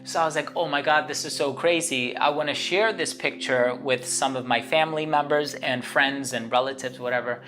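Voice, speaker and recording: A woman hosts her own channel, speaking in a bass voice at normal speed with few pauses. She tells a story to the camera in a chatty, rambling way, full of fillers and restarts, while guitar music plays behind her.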